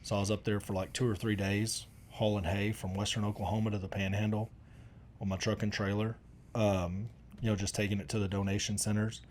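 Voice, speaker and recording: Low-voiced man telling stories. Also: little pitch movement, brisk, darkish tone, a little hiss or hum. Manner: folksy rambling storyteller, many restarts. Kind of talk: casual conversation.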